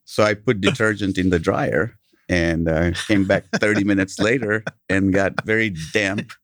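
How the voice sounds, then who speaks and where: A very deep-voiced man from Kenya speaks with a British accent, recorded in a dry, close setting. He is a company founder telling stories in a casual podcast interview. His delivery is animated, with chuckles slipped between anecdotes. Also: moderate pace, dry recording.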